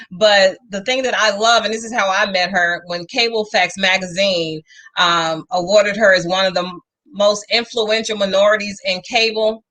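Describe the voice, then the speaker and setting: A talk show host with a bright, forceful voice. She gushes with emphatic praise and lays on the compliments, leaning into each one. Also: medium pitch. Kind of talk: effusive interview chat.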